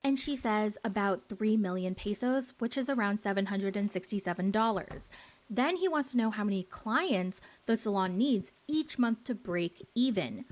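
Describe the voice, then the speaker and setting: A woman's voice: medium pitch, animated, normal speed, a little mellow. A woman giving a sarcastic, gossipy recap of a TV show for a YouTube video.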